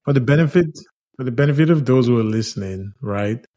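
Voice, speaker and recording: A man co-hosting a podcast in casual chat, telling stories in a teasing, animated way. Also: medium pitch, fast talker. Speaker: podcast co-host.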